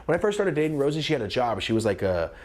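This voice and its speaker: A young man in his twenties, a comedian, telling a story with lots of energy, sometimes shouting out lines. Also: mid-range voice, very fast. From California. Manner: animated, screams and shouts quoted lines.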